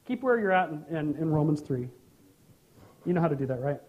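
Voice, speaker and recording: A middle-aged man preaching a sermon as pastor, animated and joking, with sudden loud bursts. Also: on the high side, fairly quick, narrow, tinny audio.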